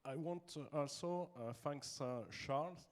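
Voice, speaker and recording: A man with a French accent, a law firm's managing partner, introducing his firm on a business panel in halting English. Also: a little high.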